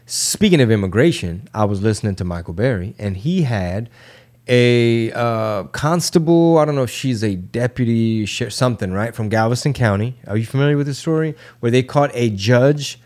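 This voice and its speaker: A man's voice: mid-range voice, expressive, normal speed, darkish tone. Profane, slangy man telling a story. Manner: loose, profane, slangy storyteller acting out quotes. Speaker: podcast co-host. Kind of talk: casual chat, storytelling.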